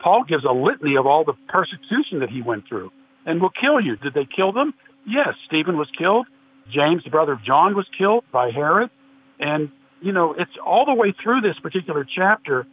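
A man's voice: a little high, sing-song, fairly quick. A man earnestly arguing a point of theology in a discussion, quoting scripture at length. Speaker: podcast guest. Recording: tinny phone-like line with faint noise.

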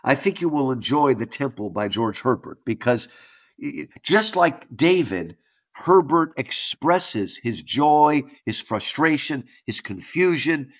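A man talking about poetry and faith in an animated, conversational way, often stopping to read verse aloud. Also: a little high. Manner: animated, enthusiastic, reads verse aloud with dramatic drops. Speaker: guest teaching on poetry and faith. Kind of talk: conversational lecture.

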